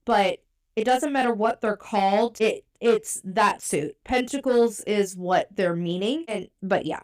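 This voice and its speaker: Lady podcast host with a stuffed-up nose, chatty and easygoing, lots of ums and you knows. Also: medium pitch. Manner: chatty, conversational, many fillers. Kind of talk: casual podcast talk about tarot.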